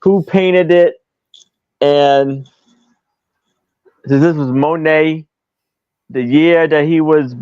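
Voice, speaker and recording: A man's voice: a little high, steady tone, very slow, pauses often, darkish tone, smooth, no room sound, dull audio. A man selling items on a live stream, describing them plainly with hesitations. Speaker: guest seller. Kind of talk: casual sales pitch.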